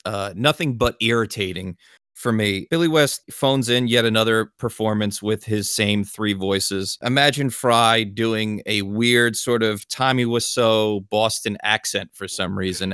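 Podcast guy with a bright punchy voice, blunt about what he hates, dry mic. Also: lowish voice, steady tone, a little slow, clean tone, no echo. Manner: blunt, critical opinions. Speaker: podcast co-host. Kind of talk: casual chat.

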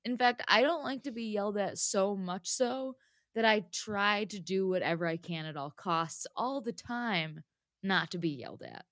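A woman's voice: mid-range voice, normal speed, no echo. Chatty woman telling a story, dry sound. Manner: chatty, lots of "like", animated retelling. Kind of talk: casual storytelling chat.

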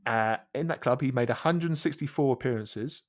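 Measured male podcast guest. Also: mid-range voice. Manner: measured, repeats words as he restarts. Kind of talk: casual chat.

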